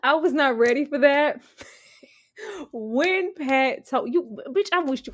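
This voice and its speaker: A woman giving a casual reaction review of a TV episode, slangy and animated, laughing often and swearing freely. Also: high voice, takes it slowly, no room sound, studio quality.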